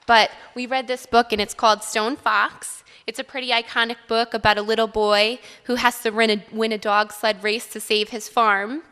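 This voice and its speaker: A woman's voice: a little high, flat delivery, normal speed, hardly any pauses, bright, forceful tone, clean tone. A woman teacher speaking at a school board meeting, praising a student and reading her story aloud. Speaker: third grade teacher. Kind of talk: speech at an award ceremony. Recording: reverberant hall.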